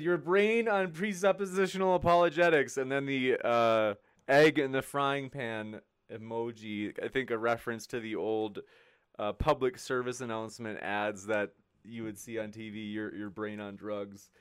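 A man's voice: mid-range voice, fairly even intonation, measured pace, clean tone. A young man hosting a debate livestream, reading out viewer super chats in a scattered, giggly way. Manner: giggly, scattered, laughing between lines. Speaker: debate moderator and livestream host.

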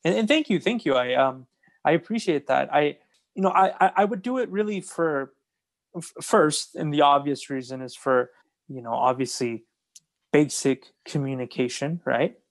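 A man's voice: a little high, moderate pace. Male host, casual chat, earnest and agreeable, repeats himself as he thinks. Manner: earnest and agreeable, repeats words while gathering thoughts. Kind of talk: casual conversation.

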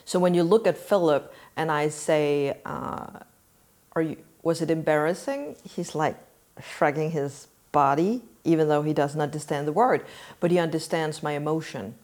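Low-voiced woman explaining earnestly. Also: fairly even intonation, normal speed, a little mellow. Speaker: podcast host. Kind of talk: casual talk to listeners.

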